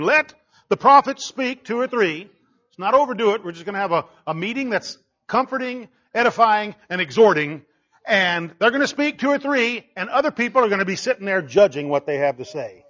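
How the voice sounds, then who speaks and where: A man preaching a conversational sermon, animated, slipping into little voices to quote people. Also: high voice, a little fast, highs cut off. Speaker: pastor.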